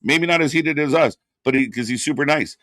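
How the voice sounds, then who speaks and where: A man's voice: on the high side, a little fast, a bit bright, no room sound, studio quality. A man hosting a live wrestling watch-along stream, chatting casually and bluntly with plenty of swearing while answering chat. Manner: casual and profane, reads chat aloud.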